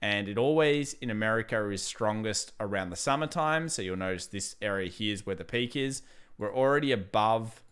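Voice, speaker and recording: Smooth-voiced man, casual market chat. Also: lowish voice, moderate pace, fairly bright tone. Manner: casual, chatty, laughs easily; thinks aloud with restarts. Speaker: livestream host. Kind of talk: live market commentary.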